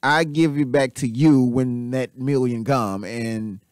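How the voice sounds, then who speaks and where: A man putting on the voice of a smooth-talking male phone scammer with a Jamaican accent, coaxing and persuasive. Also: medium pitch, steady tone, slow pace, a little mellow, no room sound, clean studio sound, natural voice. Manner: wheedling, persuasive.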